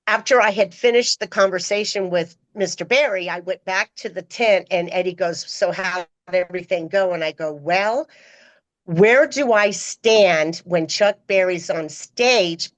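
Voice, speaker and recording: Animated middle-aged woman telling stories. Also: rough recording. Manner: animated, acts out quoted voices with pitch jumps. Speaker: podcast guest, former personal assistant. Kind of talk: casual storytelling.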